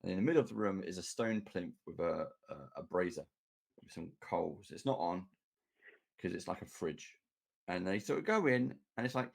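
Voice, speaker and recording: Gravelly-voiced man telling a game story. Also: low-pitched, moderate pace. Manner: animated storyteller, laughs while recounting. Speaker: game master and podcast host. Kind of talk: casual chat and anecdote.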